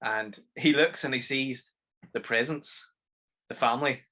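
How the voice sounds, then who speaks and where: A man's voice: mid-range voice, measured pace, pushed and bright. A man with a Northern Irish accent co-hosting a podcast, joking wryly and swearing in casual chat. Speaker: podcast co-host. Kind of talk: casual film review chat.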